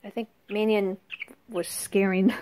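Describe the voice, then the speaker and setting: A woman's voice: medium pitch, level tone, a little slow, a little mellow. A woman filming her pet budgies at home, chatting casually and coaxing the birds in a soothing voice. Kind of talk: casual home vlog narration.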